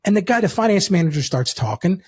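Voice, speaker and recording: A man telling a personal story in a lively, casual way as a guest, calling the listener "dude". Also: high-pitched, fast, slightly rough, lo-fi sound. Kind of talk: animated storytelling.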